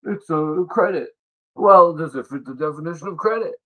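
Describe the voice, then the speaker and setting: A man's voice: fairly high pitch, normal speed, pushed and bright, rough recording. A man hosting a livestream, delivering an angry, sarcastic political rant full of swearing. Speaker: livestream host.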